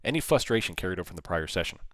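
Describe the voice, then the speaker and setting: A man hosting a live trading stream, giving animated, folksy market commentary straight to his viewers. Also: deep voice, very fast, no echo, clean studio sound. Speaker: options trader hosting a livestream.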